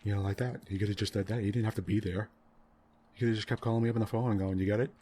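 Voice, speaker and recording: A man in soft-spoken gaming commentary, rambling and exasperated as he rants about a game's story, full of "right?" and "you know" fillers. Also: on the low side, fairly even intonation, very fast, husky. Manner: rambling, exasperated ranting about a game plot; frequent tag questions and fillers. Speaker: gaming channel host.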